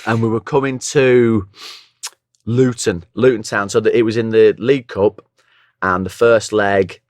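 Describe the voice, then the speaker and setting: A man's voice: fairly low pitch, fairly even intonation, measured pace, no room sound, studio quality. A hungover man, a former football commentator, telling rambling anecdotes in a casual podcast chat, with a somewhat nasal voice. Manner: rambling anecdotes, acts out other people's lines.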